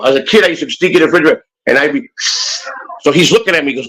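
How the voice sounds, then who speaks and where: A man's voice: on the high side, rapid-fire, bright, forceful tone, poor audio. An older man and grandfather co-hosting a casual morning chat show, rambling and joking with many restarts. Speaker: co-host.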